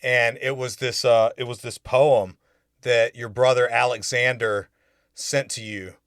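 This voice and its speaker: A man's voice: mid-range voice, fairly even intonation, a little slow, a bit bright, no room sound, clean studio sound. A male podcast co-host in casual chat who speaks in an appreciative way.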